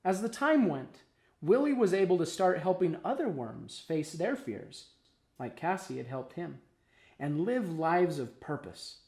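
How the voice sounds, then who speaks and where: A male storyteller reads a children's tale with lots of expression. His pitch swings widely through each sentence. He leans into dramatic pauses. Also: very animated, darkish tone. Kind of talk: storybook narration.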